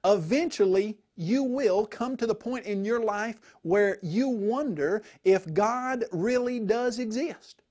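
A male preacher telling a story to make a point, with animated, emphatic delivery. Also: sits high, slow, hardly any pauses. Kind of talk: storytelling sermon.

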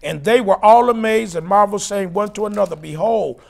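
High gravelly preaching man. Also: fast talker. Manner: emphatic, rising to shouts, spells out words. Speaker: preacher teaching scripture. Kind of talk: sermon-style Bible teaching.

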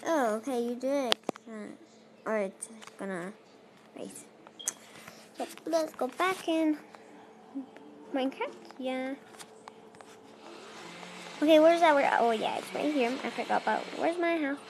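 A woman's voice: high-pitched, lively intonation, measured pace, pauses often, darkish tone, a little hiss or hum, low-quality recording. A young girl chatting casually to viewers as she plays a block-building game, rambling and talking to herself. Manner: rambling, self-talking while playing, non-native phrasing. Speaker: let's play creator. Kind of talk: casual gameplay commentary.

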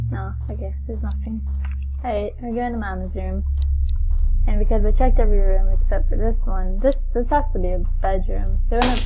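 A woman's voice: on the high side, background noise. Jumpy woman narrating a horror game. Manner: jumpy, nervous, exclaiming and muttering to herself. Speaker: gaming channel host. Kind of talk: let's play commentary of a horror game.

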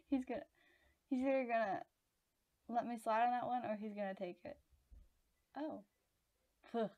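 Giggly girl talking to herself while gaming, lots of oh my gosh, kinda high voice. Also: moderate pace, long pauses, a little mellow, highs cut off. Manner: giggly, exclaims often, talks to herself. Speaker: gaming channel host. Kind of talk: casual gameplay commentary.

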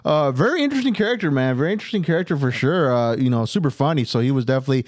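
Male co-host, mid voice, rapid eager delivery, dry close recording. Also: medium pitch, animated, dry recording. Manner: quick, enthusiastic, says "dude" and "crazy" a lot. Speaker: podcast co-host. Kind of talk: casual chat.

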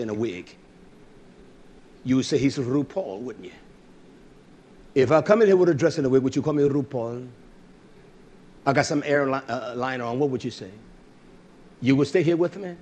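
A male preacher giving a fiery, blunt sermon, swinging from shouts to low asides. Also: a little hiss or hum.

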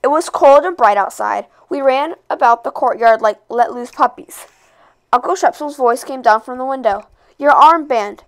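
Woman read-aloud narrator, expressive, high-ish and smooth. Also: normal speed. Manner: expressive, with occasional slips and rereads. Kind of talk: reading a novel aloud.

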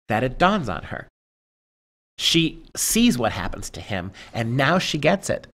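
A man giving an emphatic, preacherly lecture, moving between forceful stresses and hushed read-aloud passages from a story. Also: mid-range voice, big pitch swings, measured pace.

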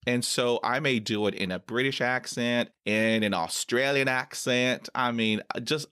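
A man hosting an interview, talking with a stutter, with frequent repeated sounds and easy laughter. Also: clear, resonant tone. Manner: stutters with blocks and repetitions, laughs often; slow, animated, pitch jumps when laughing. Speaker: podcast host. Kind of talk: conversational interview.

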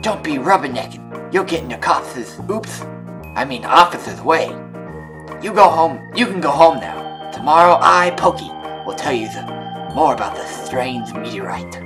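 A man's voice: fairly high pitch, sing-song, normal speed. A young man voicing a pushy, bratty neighbor boy in a video game playthrough, speaking in a whiny, bossy way. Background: game music.

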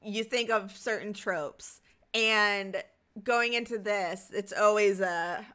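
A woman's voice: mid-range voice, measured pace, pushed and bright. A woman co-hosting a podcast, chatting casually and thinking aloud as she talks. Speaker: podcast co-host. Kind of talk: casual chat.

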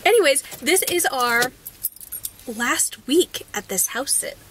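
A woman vlogging on a handheld camera, chatty and laughing often, her voice hoarse from a cold. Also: high voice, lively intonation, slow pace, fairly bright tone, a little hiss or hum, rough recording. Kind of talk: casual travel vlog.

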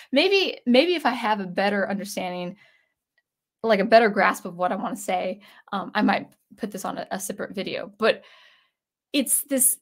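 A woman composer hosting a video, ranting casually and rambling as she thinks aloud. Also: on the high side. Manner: rambling, self-interrupting, animated. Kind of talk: casual rant vlog.

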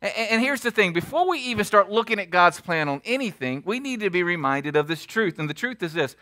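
A man preaching a sermon as pastor, emphatic and quick to throw questions at the congregation. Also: high-pitched, expressive, sharp tone, dry recording, studio quality.

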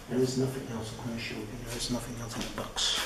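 A man giving a casual, rambling unboxing commentary, muttering to himself and swearing freely. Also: mid-range voice. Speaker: tech vlogger.

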